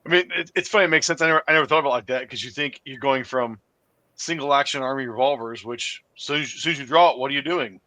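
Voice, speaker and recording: Fast-talking, bright-voiced man. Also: mid-range voice, no room sound. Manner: quick, blunt, profane reactions. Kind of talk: casual chat.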